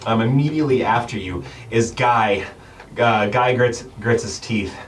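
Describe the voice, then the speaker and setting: A man's voice: mid-range voice, measured pace, slight background noise. A man narrating as game master of a tabletop game, describing the action with many fillers and small laughs. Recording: distant mic with background music.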